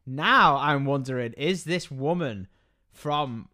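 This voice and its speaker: A man's voice: mid-range voice, takes it slowly, bright, forceful tone. A man with a Liverpool accent co-hosting a comedy podcast, throwing in crude jokes and questions. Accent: Liverpool (Scouse). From Liverpool, England. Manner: crude, joking interjections. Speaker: podcast co-host. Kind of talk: casual comedic chat.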